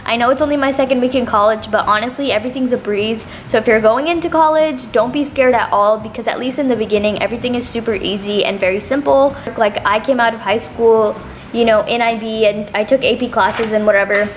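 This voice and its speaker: A woman's voice: fairly high pitch, quick pace, slight background noise. A young woman vlogging casually to camera at home, chatty and full of "like" and "literally". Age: young adult. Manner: chatty, filler-heavy, says "like" and "literally" often. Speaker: college vlogger. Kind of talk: casual vlog talk to camera. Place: indoors at home. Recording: roomy, echoey room with music behind.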